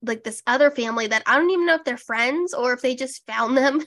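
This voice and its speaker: A woman's voice: sits high, quick pace, a bit bright. A young woman co-hosting a podcast in casual chat, wry and sarcastic, swearing casually. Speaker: podcast co-host.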